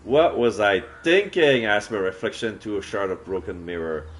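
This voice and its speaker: A man streaming a solo roleplay game, narrating in first person and breaking off with excited, swearing outbursts. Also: on the low side, moderate pace.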